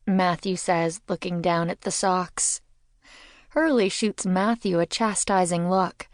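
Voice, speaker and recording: Low-voiced woman narrating an audiobook. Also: fairly even intonation, slow pace, no echo, clean studio sound. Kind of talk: scripted first-person narration.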